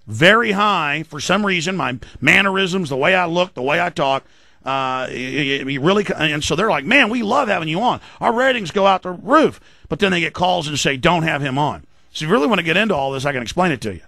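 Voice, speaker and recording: A male radio talk show host, delivering an emphatic, defensive, rapid-fire monologue. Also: on the high side, expressive, vocal fry, pushed and bright, no room sound, studio quality. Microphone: studio mic.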